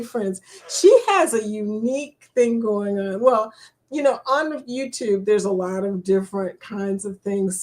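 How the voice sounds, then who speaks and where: A woman's voice: medium pitch, darkish tone. A woman hosting a casual live-stream chat, reading viewer comments aloud, chatty and laughing often. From England.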